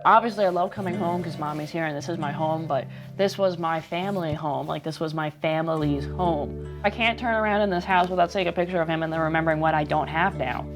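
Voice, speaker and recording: A woman's voice: low voice, fast, music in the background. A woman in her twenties speaking in a documentary interview, emphatic and casual, filling her speech with "like" and swearing when she gets upset. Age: 20s.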